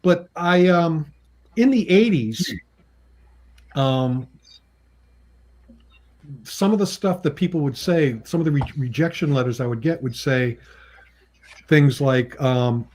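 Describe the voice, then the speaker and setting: With a slow pace and long pauses, a guest who writes and draws comics tells relaxed, chatty anecdotes in a slightly mellow voice. When quoting others, he acts them out with pitch jumps, and laughter often comes between his remarks.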